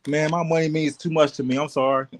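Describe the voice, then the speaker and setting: A man co-hosting a casual talk show, calm and laid-back, speaking plainly. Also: on the high side, fast. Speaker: podcast co-host. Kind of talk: casual chat.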